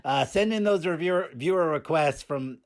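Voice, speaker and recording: Performing as a randy, cheeky puppet film critic, this man has a fairly high pitch and talks at a normal speed with a natural sound. His bemused comedic review wanders and stumbles, full of constant fillers.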